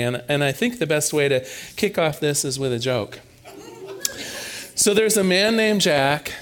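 Guy giving a sermon, kinda high voice, chatty and animated, stumbles and repeats words. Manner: conversational, animated, frequent repeats. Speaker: preacher.

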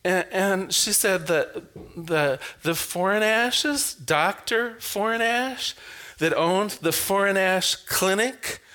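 A man's voice: sits high, takes it slowly. A man giving a reflective personal talk about beliefs, telling anecdotes with laughter and rhetorical questions. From Pacific Northwest, US. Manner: anecdotal, animated storytelling with laughs.

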